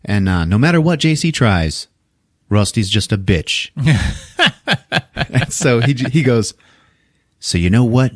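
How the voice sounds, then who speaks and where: A man's voice: mid-range voice, sing-song, slow pace, long pauses, no echo, studio quality. A man casually recapping a film on a podcast, acting out the characters' lines, laughing often and swearing freely. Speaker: podcast host.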